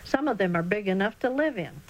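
A woman voicing a friendly, excited young boy in a children's storybook reading. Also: mid-range voice, brisk, close to an everyday voice, rough recording.

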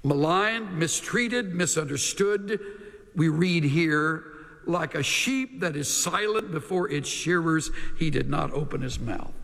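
A man preaching a sermon as pastor, slow and measured, with dramatic pauses and emphasis that drops at the ends of lines. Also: a little high, animated, vocal fry, fairly bright tone, long reverb tail.

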